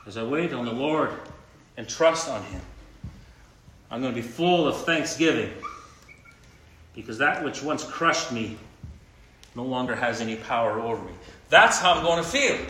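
A man preaching a sermon, moving between quiet reflection and emphatic, rising points. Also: mid-range voice, animated, moderate pace, long pauses. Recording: echoey room with faint noise.

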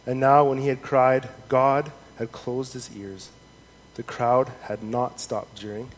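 A man's voice: medium pitch, level tone. Man preaching in an echoey hall. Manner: earnest, measured, scripture reading with rising emphasis. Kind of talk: sermon. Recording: long hall reverb, faint noise.

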